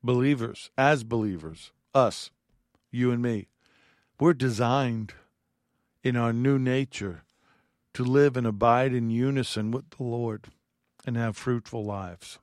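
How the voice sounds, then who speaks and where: A man's voice: mid-range voice, slow pace, long pauses, darkish tone, no echo, clean studio sound. A man giving a heartfelt radio Bible teaching, reading scripture aloud and speaking earnestly.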